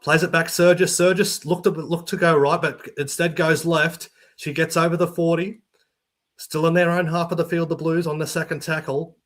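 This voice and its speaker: High-voiced sports caller. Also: male voice, little pitch movement. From Australia. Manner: rapid play-by-play, jumps to shouting on big runs. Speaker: play-by-play commentator. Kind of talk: live sports commentary.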